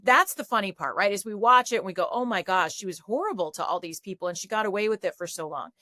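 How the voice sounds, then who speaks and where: Animated, mocking woman political commentator. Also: medium pitch, no room sound, studio quality. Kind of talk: political talk show commentary.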